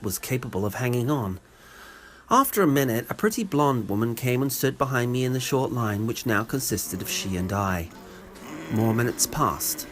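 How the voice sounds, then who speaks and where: A man's voice: medium pitch, slight background noise. A man with an English accent narrating a comic personal story in a wry, sarcastic way. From England.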